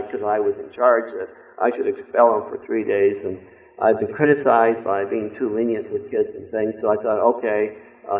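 A man preaching a sermon in an earnest, emphatic way, telling a personal story. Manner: earnest, emphatic, varies pitch and loudness for stress. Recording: echoey room over a phone-like line.

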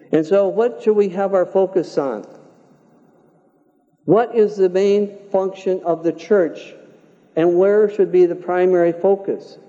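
An older man preaching a sermon in a church, talking in an earnest, measured way and telling folksy stories. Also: high voice, mellow. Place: church sanctuary. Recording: dull, reverberant church hall.

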